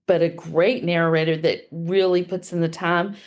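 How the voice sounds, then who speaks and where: A woman's voice: fairly low pitch, little pitch movement, moderate pace. A woman co-hosting a writing podcast, who chats in an enthusiastic, self-deprecating way. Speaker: podcast co-host. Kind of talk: casual podcast chat.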